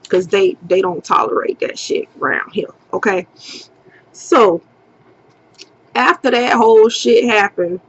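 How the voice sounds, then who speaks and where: Slow-talking storytelling woman, lo-fi. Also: medium pitch, breathy edge. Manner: animated, acts out quotes, swears freely. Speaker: vlogger. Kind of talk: casual storytime.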